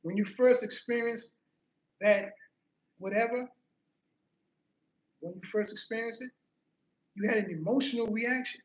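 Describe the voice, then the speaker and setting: A man's voice: sits high, measured pace, pauses often. A man giving an earnest personal motivational talk, telling a story and repeating key phrases for emphasis. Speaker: motivational speaker. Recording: roomy, slightly muffled.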